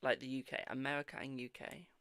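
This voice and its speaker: A man's voice: mid-range voice, level tone, fast talker, fairly bright tone, clear, resonant tone, no echo, clean studio sound. A man hosting a live-stream psychic reading, chatting casually and affectionately calling viewers boo and darling. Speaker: psychic tarot reader and host.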